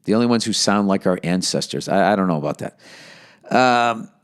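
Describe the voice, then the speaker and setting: A man's voice: fairly low pitch, lively intonation, a little fast, smooth. A middle-aged man hosting a podcast, ranting with profanity and sarcasm as he reads and answers listener mail. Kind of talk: casual podcast monologue.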